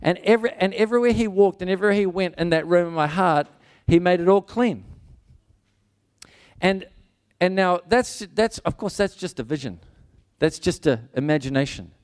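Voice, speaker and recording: High-voiced earnest preacher man. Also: lively intonation, moderate pace, a little mellow, clear, resonant tone. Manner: earnest, conversational, frequent restarts. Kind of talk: sermon with personal testimony.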